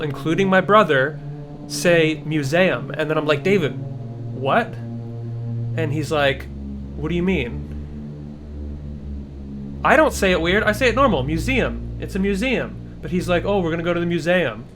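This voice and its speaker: Joking New gaming streamer. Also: male voice, fairly high pitch, animated, measured pace, long pauses. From New Jersey. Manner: joking, profane, rambling. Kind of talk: casual gaming stream commentary. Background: game music.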